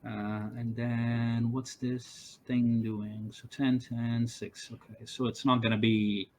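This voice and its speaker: A man's voice: medium pitch, flat delivery, takes it slowly, darkish tone, slight background noise. A man acting as game master in an online tabletop game, thinking aloud with many fillers as he runs the rules.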